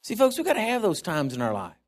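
A man's voice: high voice, huge pitch swings, fast. A male preacher giving a sermon in an emphatic, conversational way.

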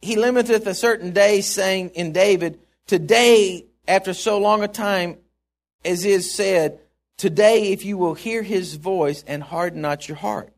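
A man preaching a sermon, stressing key points and dropping low for asides. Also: moderate pace.

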